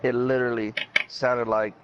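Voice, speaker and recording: A man's voice: medium pitch, flat delivery, normal speed, highs cut off, noisy background. A man joking mischievously in a casual gaming voice chat. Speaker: game chat player.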